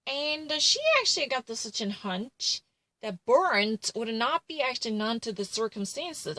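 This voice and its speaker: A woman's voice: a little high, fairly bright tone, poor audio. A woman retelling a true crime case in casual commentary, rambling and full of fillers and self-corrections.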